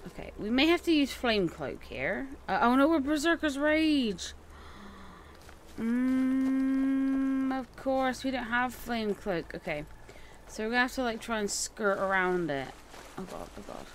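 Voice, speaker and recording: A woman doing casual let's play commentary on a game, excitable and thinking aloud with frequent exclamations. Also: sits high, a little slow, a little hiss or hum.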